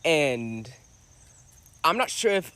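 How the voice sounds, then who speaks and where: A man's voice: fairly high pitch, big pitch swings, slow pace, sharp tone, clean tone, no room sound. A man with a Southern US accent, curiously asking a casual question and acting out the pronunciations. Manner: chatty and curious, demonstrating sounds. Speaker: social media commenter.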